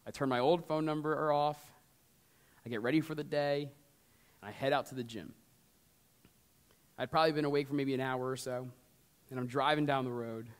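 A man preaching a sermon as pastor, talking straight to the congregation and swinging from lively emphasis down to hushed storytelling. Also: fairly high pitch, clear, resonant tone. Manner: conversational, addresses the congregation directly.

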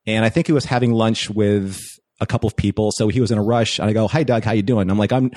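A man's voice: on the low side, steady tone, fast talker, a little mellow, dry recording. A man casually telling a long story, with restarts and quoted dialogue along the way.

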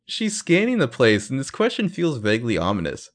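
A man's voice: medium pitch, huge pitch swings, a little fast. A man co-hosting a podcast, casually recapping a TV episode and acting out the characters' lines as he goes. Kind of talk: casual chat.

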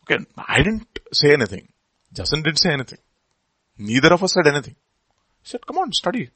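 A man's voice: on the high side, very animated, brisk, pushed and bright, no room sound, poor audio. A man with an Indian English accent preaching a sermon as a pastor, emphatic and full of rhetorical questions.

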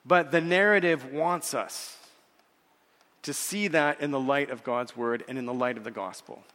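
A man preaching a sermon in an earnest way, repeating words and slowing down when he quotes scripture. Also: mid-range voice, fairly bright tone, big-room sound. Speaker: pastor.

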